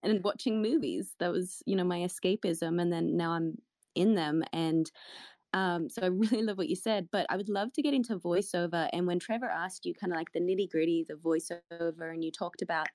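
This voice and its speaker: A woman's voice: on the low side, fairly even intonation, brisk, a little mellow, no echo. A woman from Australia asking a polite, slightly hesitant question at an online panel. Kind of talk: casual question.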